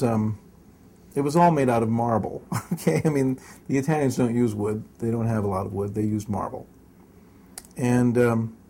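A man's voice: medium pitch, mellow, breathy edge. An older man recounting personal memories as an interview guest, chuckling often and restarting his sentences. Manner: chuckling storyteller with many restarts.

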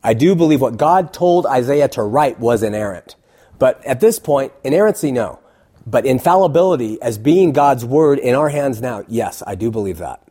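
A man's voice: medium pitch, animated, moderate pace, mellow. A middle-aged man who hosts a call-in show, talking bluntly and emphatically as an interview guest. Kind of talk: casual interview talk.

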